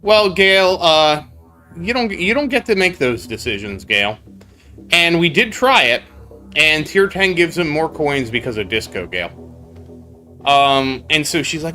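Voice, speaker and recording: A man streaming a game and telling a long rambling story, stopping now and then to answer his chat. His voice is bright and sits a little high for a man. Soft music plays behind him. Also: big pitch swings, measured pace. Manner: rambling storytelling, chatting with viewers mid-story. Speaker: gaming streamer. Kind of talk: casual live-stream chat.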